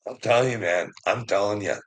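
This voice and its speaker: A man rants profanely and emotionally, swearing constantly, laughing between lines, and swinging from low muttering to shouting. He talks a little fast with a husky voice, and the audio quality is poor.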